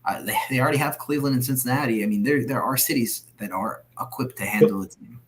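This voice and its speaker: A man co-hosting a sports podcast, speaking at a mid pitch. He lays out his opinions earnestly and firmly in a relaxed, chatty exchange. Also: fast. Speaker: podcast co-host. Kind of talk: casual sports chat.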